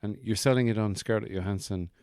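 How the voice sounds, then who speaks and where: Low-voiced, joking male podcast host. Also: quick pace, a little mellow, no room sound, clean studio sound. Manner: playful, joking asides. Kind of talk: casual chat. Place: bedroom.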